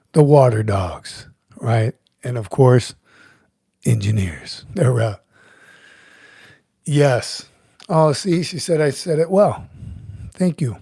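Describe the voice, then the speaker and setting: Middle-aged male host, easygoing and chatty, mellow voice with a dry, close sound. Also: mid-range voice, husky, dry recording. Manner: relaxed, chatty, chuckles often, greets viewers by name. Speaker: livestream host, retired Marine sergeant major. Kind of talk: casual livestream chat reading comments.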